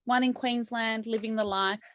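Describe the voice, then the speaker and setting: A woman's voice: on the high side, steady tone, normal speed, a bit bright. A woman hosting her podcast in a conversational interview, chatty, with self-deprecating asides. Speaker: podcast host.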